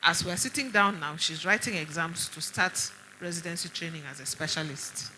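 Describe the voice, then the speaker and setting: A middle-aged Nigerian woman, a doctor, giving an animated conference talk full of stories and pointed rhetorical questions. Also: fairly low pitch, moderate pace, slight background noise, rough recording. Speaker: doctor speaking at a women's conference.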